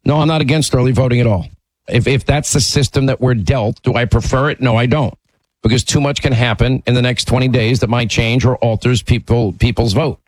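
A man's voice: medium pitch, steady tone, a little fast, a little mellow, dry recording, rough recording. A man hosting a political call-in radio show, talking emphatically and often repeating words as he starts a sentence. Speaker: talk radio host.

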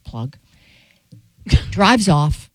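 Radio co-host, woman, low voice, dry studio sound, animated storyteller. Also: very slow, no room sound. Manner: animated storyteller acting out dialogue. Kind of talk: casual chat, storytelling.

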